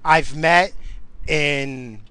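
Man, podcast host, profane angry rant, exasperated, bright voice. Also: fairly high pitch, drawn-out words, clear, resonant tone, no echo, rough recording. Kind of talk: profane ranting monologue.

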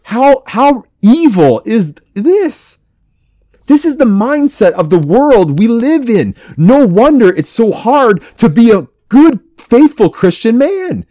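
Fired-up man preaching, lively pitch. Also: slow, no echo. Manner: fiery, emphatic, repeating phrases. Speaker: podcast host. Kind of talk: preaching to men.

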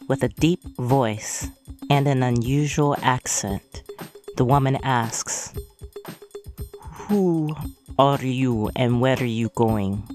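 Woman narrator, extremely deep voice, slow and lively, faint music under the reading. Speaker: audiobook narrator. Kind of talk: storybook narration.

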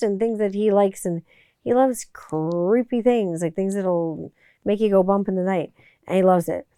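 Woman rambling on her podcast, smooth clear voice, dry close sound, lots of likes and you knows. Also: fairly low pitch, darkish tone, no room sound. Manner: rambling, filler-heavy. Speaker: podcast host. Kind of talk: casual monologue.

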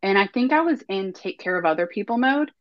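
A woman in her thirties telling her story as a podcast guest, animated, acting out her own past self-talk in quoted lines. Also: mid-range voice, brisk, dry recording, highs cut off. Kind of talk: candid storytelling interview.

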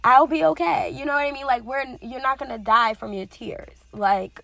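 A woman's voice: a little high, normal speed, vocal fry, sharp tone. A woman in a casual, earnest motivational talk, speaking conversationally with many fillers and repetitions.

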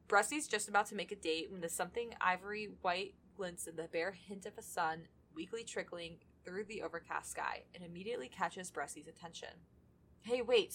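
A woman with a lower voice co-hosting a casual podcast. She reads fan fiction aloud, breaking off for laughing, loosely profane asides. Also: fairly bright tone, slight background noise. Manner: chatty, laughs often, swears casually. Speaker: podcast co-host.

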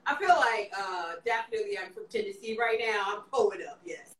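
A woman's voice: mid-range voice, a little fast, fairly bright tone. A woman hosting a casual live-stream chat, giggly and playful, slightly slurring after some wine. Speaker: host. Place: home, Maryland area. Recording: echoey room, away from the mic.

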